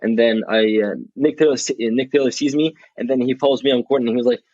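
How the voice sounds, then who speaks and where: Young man, interview guest, blunt storytelling, mid-pitched voice, dull dry recording. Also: fairly even intonation, fast talker, darkish tone, no room sound. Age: young adult. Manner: frank, swears casually, frequent restarts. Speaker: guest, college athlete.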